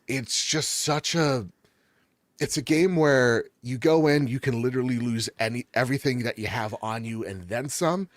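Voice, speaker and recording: A man's voice: mid-range voice, no echo. A man co-hosting a gaming show in casual chat, enthusiastic and jokey, rambling as he raves about games. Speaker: gaming podcast co-host.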